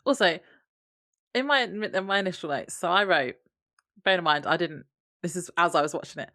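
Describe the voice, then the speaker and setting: A woman's voice: on the low side, moderate pace, bright, forceful tone, no room sound, clean studio sound. A woman co-hosting a podcast, recapping an episode in casual chat and laughing often. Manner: giggly, laughs often between lines. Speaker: podcast co-host.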